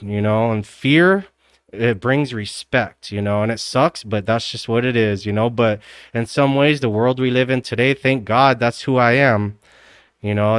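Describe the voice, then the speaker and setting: Male streamer, loose profane chatter, middle pitch, clean resonant tone. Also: smooth, no room sound, studio quality. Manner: rambling, profane, says "dude" constantly. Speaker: livestreamer. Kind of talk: casual livestream chat.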